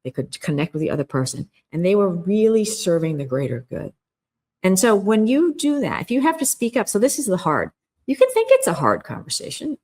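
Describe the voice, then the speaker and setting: A woman's voice: mid-range voice, huge pitch swings, fairly quick, a little mellow, slightly rough. Earnest, emphatic woman coaching. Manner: earnest and emphatic, acts out quoted inner voices. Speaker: guest, communication coach. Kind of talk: podcast interview.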